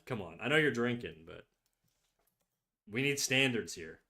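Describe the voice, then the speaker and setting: A man chats loosely with his live audience while he works. His voice is notably bright and forward, set at an ordinary middle pitch. He teases, trails off and strings thoughts together with plenty of "like". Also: animated, moderate pace. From Canada. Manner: teasing, rambling, heavy use of "like". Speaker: streamer. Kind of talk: casual livestream chat. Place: home streaming setup.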